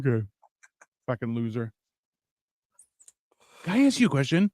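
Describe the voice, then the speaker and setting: A man co-hosting a live stream, trading crude, profane banter and mocking chat with loud put-on voices. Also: medium pitch, big pitch swings, normal speed, no room sound, studio quality.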